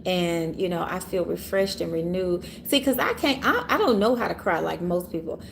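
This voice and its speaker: Lively woman livestream host. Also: lowish voice, normal speed, creaky, a little hiss or hum. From Orange Mound, Memphis area, USA. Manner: animated, laughs often, talks to viewers as y'all. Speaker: tarot reader and livestream host. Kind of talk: casual livestream chat. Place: city hotel room, sirens outside.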